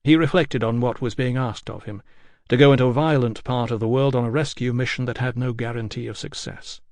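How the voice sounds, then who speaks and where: A male audiobook narrator reads at a measured, deliberate pace, at an ordinary middle pitch. The sound is dry and close, with no room around the voice. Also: steady tone, darkish tone, no room sound. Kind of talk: scripted narration.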